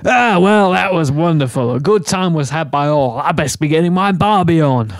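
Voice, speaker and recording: A man's voice: fairly high pitch, expressive, moderate pace, no room sound. A man doing a jittery Aussie school principal. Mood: nervous. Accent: put-on Australian. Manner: nervous, stammering excuses. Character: flustered middle-aged male school principal. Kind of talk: fan parody voice acting.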